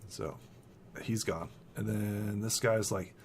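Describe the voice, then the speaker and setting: A man's voice: on the low side, steady tone, slow pace, noisy background. A man narrating a tabletop game as game master, loose and chatty, with lots of "like" fillers.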